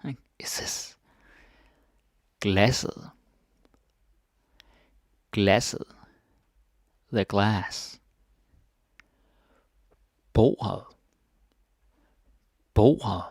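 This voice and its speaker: Slow, gravelly male teacher. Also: on the low side, no room sound, clean studio sound. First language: Danish. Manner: relaxed, repeats words, asks "right?" often. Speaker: language teacher. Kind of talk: casual language lesson.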